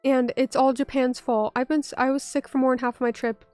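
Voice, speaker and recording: A young woman streaming casually while hoarse from bronchitis. She rambles, cuts herself off, swears and talks back to her chat. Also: high-pitched, flat delivery, fairly quick, a little mellow, no room sound, soft background music. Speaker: VTuber streamer.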